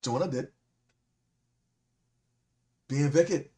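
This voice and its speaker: A man with a Caribbean accent, a deacon preaching a sermon in an animated, repetitive way, often laughing as he talks. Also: on the high side, drawn-out words.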